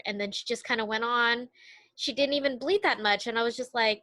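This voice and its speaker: A woman co-hosting a podcast, telling stories in expressive casual chat. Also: a little high, fairly quick, no echo. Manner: expressive storytelling, rises sharply when excited. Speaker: podcast co-host.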